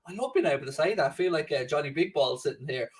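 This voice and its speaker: A man's voice: a little high, expressive, quick pace, far from the mic. Chatty man hosting a live stream. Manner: chatty, swears casually, reads viewer comments. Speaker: livestream host. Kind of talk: casual live-stream chat. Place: home studio.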